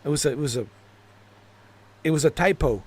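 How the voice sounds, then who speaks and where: A man telling stories in casual chat on his game stream, rambling and laughing at his own jokes. His voice sits a little high for a man, and he curses freely as he goes. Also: animated, brisk, slightly rough. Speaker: gaming streamer.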